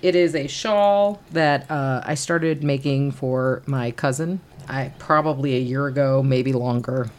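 A woman co-hosting a knitting podcast, telling an animated, self-mocking story about her project. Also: extremely low pitch, unhurried, hardly any pauses, a little hiss or hum. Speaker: podcast co-host. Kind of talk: casual chat.

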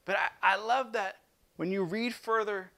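A man preaching a sermon as pastor, impassioned and swinging from loud emphasis to hushed intensity, often repeating words as he restarts. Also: high voice, steady tone, measured pace.

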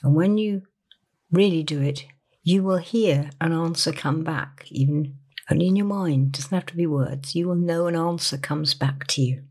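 A woman, working as a therapist or coach, talking earnestly about a client session in a gentle manner and softening to near-whispers for emphasis. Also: deep voice, normal speed, breathy edge.

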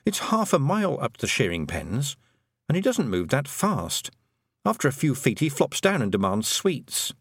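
A man voicing a clever young farm girl, earnest and quick. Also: medium pitch, wildly swooping pitch, a bit bright, slightly rough, no echo, studio quality, voice pushed up, heavily acted. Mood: worried.

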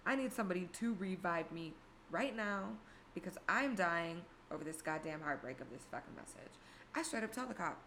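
Young woman, storytime vlog, candid and sweary, low-pitched, gravelly, bright edge. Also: animated, normal speed, slight background noise. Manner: candid, profane, self-mocking. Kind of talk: casual storytime monologue.

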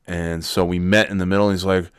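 Man, very low voice, smooth and resonant, sarcastic profane rambling monologue. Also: little pitch movement, fast, no room sound, clean studio sound. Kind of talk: casual storytelling monologue.

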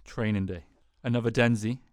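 A man's voice: mid-range voice, fairly even intonation, fairly quick, dry recording, clean studio sound. A man co-hosting a podcast in casual chat, eager and upbeat. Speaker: podcast co-host.

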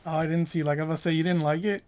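A man's voice: a little high, level tone, fast, a little mellow. A young man joking and teasing his friends during a casual podcast chat. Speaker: podcast co-host.

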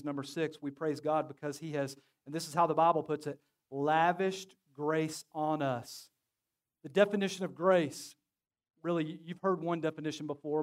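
A man preaching a sermon as pastor, joking and calling on his congregation to answer back. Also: a little high. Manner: lively, joking, calls on the congregation to respond. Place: church sanctuary.

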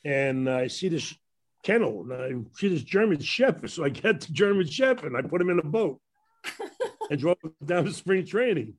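There's a little hiss or hum behind this older man's voice, which runs a little high with big pitch swings at a moderate pace. A former ballplayer with a Brooklyn accent, he casually spins rambling stories from his past on a panel and laughs at them himself.

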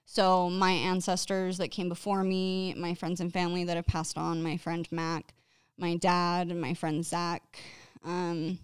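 A woman talks through self-care habits in a relaxed, candid way, cursing freely and laughing at her own awkwardness. Her voice sits on the low side and sounds smooth and clear. The sound is dry and close, with no room around it. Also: measured pace, dry recording. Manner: chatty and self-deprecating. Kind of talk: casual advice talk.

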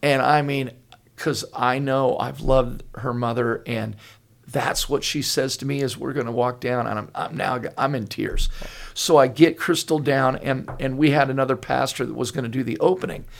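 A man's voice: mid-range voice, moderate pace, gravelly. An older man hosting a podcast, talking earnestly and telling stories with lots of restarts. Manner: earnest and animated storyteller with frequent restarts. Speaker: pastor and podcast host. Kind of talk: casual podcast conversation.

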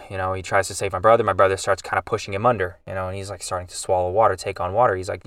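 A man with a fairly low voice tells a story in a loose, rambling way, often restarting his sentences as the feeling rises. He sounds a little far from the mic in a dry room with no echo. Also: steady tone, very fast. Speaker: podcast host. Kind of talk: casual storytelling monologue.

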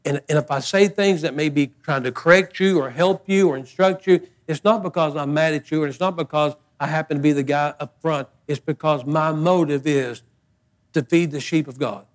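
An older male pastor preaching in a folksy, emphatic way. His voice sits high for a man, and he drives his points home by repeating phrases. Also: moderate pace. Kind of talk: sermon.

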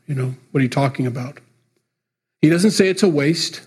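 A man delivers a sermon, his voice slightly husky and rough at the edges. He preaches in an earnest, emphatic way but keeps it conversational, as if talking straight to the congregation. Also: fairly high pitch, normal speed, a little mellow. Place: church.

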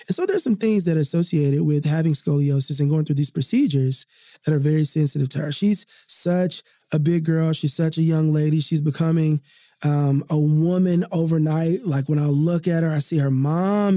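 A man's voice: a little high, dark tone, dry recording, studio quality. A man hosting a podcast, telling a reflective personal story in an earnest, confessional way, with frequent fillers and repeated phrases. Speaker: podcast host.

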